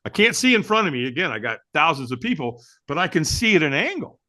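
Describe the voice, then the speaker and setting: Bright, lively male storyteller. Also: a little high, quick pace. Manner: lively, acts out quotes, many restarts. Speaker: guest, firewalk instructor. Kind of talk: animated personal storytelling.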